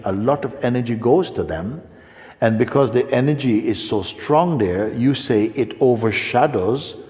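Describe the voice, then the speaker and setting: A man with a fairly low voice gives a spiritual talk. He answers a seeker gently and without hurry, and often pauses to ask if he is understood. His voice rings with the long reverb of a large hall. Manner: gentle, unhurried, checks in with questions. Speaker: spiritual teacher.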